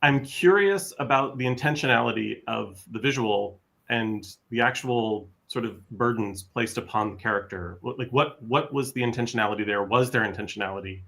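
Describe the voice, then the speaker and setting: A man hosting a podcast who asks measured, probing questions in an interview. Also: lowish voice, creaky, a bit bright. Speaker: podcast host.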